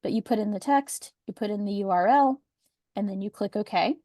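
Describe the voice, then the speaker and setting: A woman's voice: mid-range voice, moderate pace, dark tone, no room sound. Chatty woman teaching a webinar. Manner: chatty, practical explainer with sarcastic asides. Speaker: webinar presenter. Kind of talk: teaching webinar on document accessibility. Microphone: video call.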